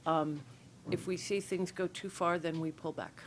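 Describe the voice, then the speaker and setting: A woman's voice: fairly low pitch, steady tone, normal speed, a little hiss or hum. A woman panelist answering carefully and hesitantly, with many fillers.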